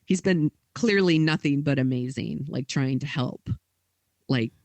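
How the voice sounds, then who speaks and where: A woman's voice: sits low, measured pace, no room sound. A woman co-hosting a podcast, telling a story in casual chat with lots of "like" and quoted dialogue. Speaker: podcast co-host.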